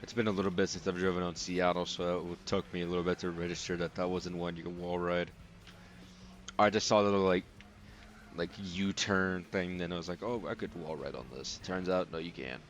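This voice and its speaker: Young man, very deep voice, rambling gameplay commentary, sleepy and relaxed, faint hiss behind. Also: a little fast. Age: young adult. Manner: rambling, relaxed, many fillers. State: sleepy, yawning. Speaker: let's play host.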